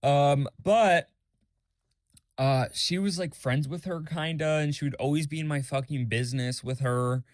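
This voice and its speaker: A man's voice: steady tone, measured pace, dry recording. Young man rambling candidly, dry sound. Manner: rambling, candid, frequent fillers and swearing; mimics others in a high mocking voice. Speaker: podcast host. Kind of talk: casual journal-style monologue.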